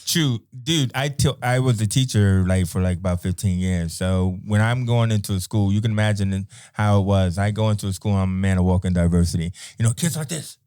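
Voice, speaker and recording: A man's voice: fairly low pitch, a little fast, hardly any pauses, a little mellow, clean tone, no room sound, studio quality. A middle-aged American man from New York, telling laid-back stories with frequent laughter as a podcast guest. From United States. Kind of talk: casual chat.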